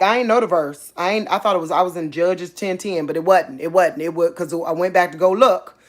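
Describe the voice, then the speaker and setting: A woman, hosting a casual faith channel, talking excitedly and thinking aloud, repeating herself as she works things out. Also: fairly low pitch. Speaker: online faith channel host. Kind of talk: casual livestream talk.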